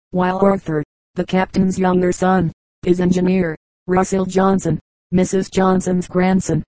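Woman narrator, low flat delivery, mellow tone, dry close sound; steady audiobook reading. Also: no room sound, low-quality recording. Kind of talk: audiobook reading of a travel memoir.

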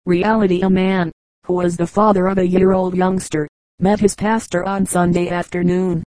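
Female reader for comic anecdotes; steady delivery, mellow timbre, dry recording. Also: on the low side, moderate pace, no room sound, low-quality recording. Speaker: audiobook reader. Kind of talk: reading humorous anecdotes aloud.

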